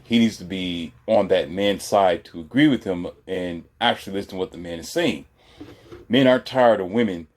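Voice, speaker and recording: A man co-hosting a casual commentary chat, animated and often mocking others. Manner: animated, slips into mocking high voices. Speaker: podcast co-host.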